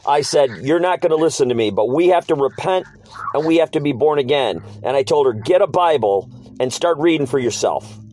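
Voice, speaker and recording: A man's voice: fairly high pitch, expressive, fairly quick, darkish tone. A middle-aged man telling his life story as an interview guest, earnest and casual, acting out old conversations and repeating short phrases.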